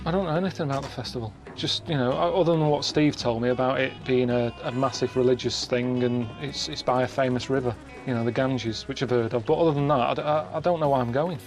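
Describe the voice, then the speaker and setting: An English man presenting a travel show, with a dry, grumbling, deadpan way of talking to camera, often from a busy street outdoors. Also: mid-range voice, fast talker, few pauses. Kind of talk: casual to-camera travel commentary. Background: music.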